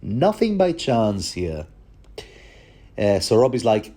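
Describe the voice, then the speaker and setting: A man's voice: on the low side, sing-song, takes it slowly, long pauses, mellow. A man hosting a rambling, jokey book commentary, full of casual asides and quips to the listener. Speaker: podcast host.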